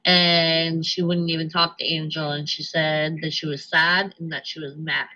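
A woman's voice: low voice, little pitch movement, normal speed, sharp tone, lo-fi sound. A woman from New Hampshire co-hosting a podcast, talking frankly and swearing casually. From New Hampshire, USA. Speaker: podcast co-host.

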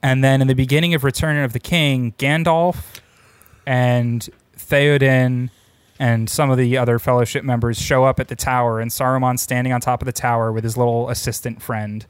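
A man's voice: medium pitch, steady tone, moderate pace, clean tone, no room sound. A man in casual conversation, retelling movie scenes and putting on silly voices for characters.

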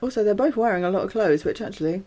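A woman's voice: mid-range voice, lively intonation, fast talker, warm tone. A woman co-hosting a podcast in casual chat, blunt and dry, swearing casually and sounding exasperated. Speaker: podcast co-host.

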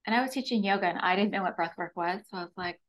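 Woman, canadian accent, podcast guest, animated storytelling, acts out her own lines. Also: mid-range voice, very fast, low-quality recording. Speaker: podcast guest, breathwork facilitator. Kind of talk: personal story in an interview.

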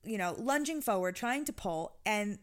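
A woman dog trainer chatting casually, telling stories with animated energy and jumping high in pitch when she quotes people. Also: normal speed. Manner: animated storytelling, jumps high when quoting. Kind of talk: casual podcast chat.

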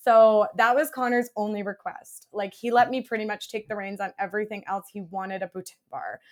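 Lively young woman telling a story. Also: mid-range voice, fairly quick. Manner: lively, acts out other people's lines. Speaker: podcast guest. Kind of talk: casual storytelling chat.

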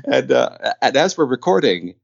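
A man, an audio drama producer, talking as an interview guest, animated and full of stammering restarts. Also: medium pitch, moderate pace, vocal fry, no echo, highs cut off. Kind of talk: conversational interview.

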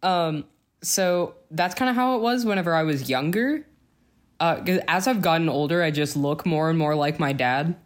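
A young adult podcast co-host chatting casually, joking and swearing freely through family stories. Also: female voice, sits low, moderate pace. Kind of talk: casual chat.

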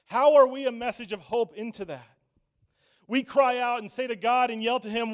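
A man with a high voice preaches a sermon as a pastor. He drops to a near hush and then climbs back up to loud, urgent calls. His delivery slows and stretches on key phrases. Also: steady tone. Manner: preaching with wide swings from hushed to loud.

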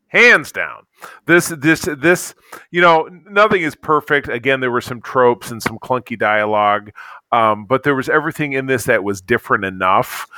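A man's voice: medium pitch, sharp tone, dry recording. A middle-aged man co-hosting a podcast, chatting casually and enthusiastically, rambling with frequent restarts. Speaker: podcast co-host.

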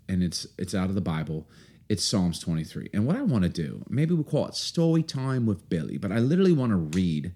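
Deep-voiced earnest male pastor. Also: mellow. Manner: earnest, unhurried, many fillers and restarts. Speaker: pastor and podcast co-host. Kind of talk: casual podcast talk and scripture reading.

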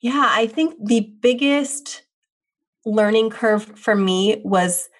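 A woman's voice: on the high side, takes it slowly. A woman, a widowed mother and children's book author, answering interview questions in an earnest, open way. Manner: earnest, open, repeats phrases like "the reality is".

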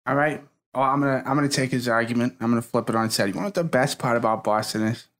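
A man's voice: medium pitch, very fast, fairly bright tone. A man in a comedy debate, arguing brashly and combatively for his side and calling people sweetheart. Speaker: debater for Boston.

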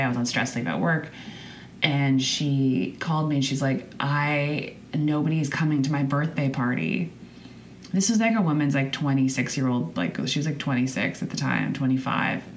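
A woman's voice: rumbling low, a little hiss or hum. A woman in her twenties hosting a podcast, talking candidly in a rambling personal monologue with restarts and the odd swear. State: choked up. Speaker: podcast host.

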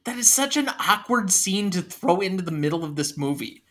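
Give me a wry male podcast host chatting about movies, with a bright, tense voice. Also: high-pitched, big pitch swings, fairly quick. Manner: wry, runs the segments. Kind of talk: casual movie-review chat.

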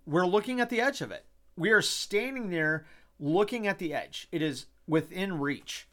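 A man hosts his own talk show, speaking in a fairly high voice. He rants with passion, swears freely and circles back over the same phrases. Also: animated, moderate pace, fairly bright tone. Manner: impassioned, swearing, repeats himself. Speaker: podcast host. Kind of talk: casual opinion talk.

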